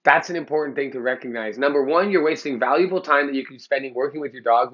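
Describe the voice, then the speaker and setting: A Los Angeles dog trainer holds forth to the camera, opinionated, angry and foul-mouthed. His medium-pitched voice moves at a quick pace with few pauses, and the highs are cut off.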